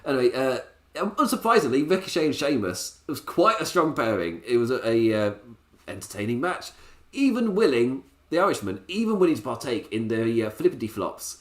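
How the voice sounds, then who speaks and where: A man talks through a wrestling show in a loose, sarcastic podcast style and laughs often. His pitch rises and falls in a lively way, and he keeps a middle-range voice. The room gives his voice a noticeable echo. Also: a little fast. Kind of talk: casual podcast review. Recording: roomy echo.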